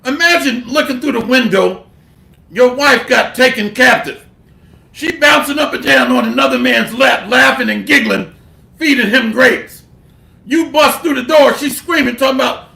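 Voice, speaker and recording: A man's voice: very high voice, normal speed, creaky, pushed and bright, reverberant. A man giving a blunt, street-style sermon, reading scripture aloud and mixing it with slang and profanity. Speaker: bible teacher.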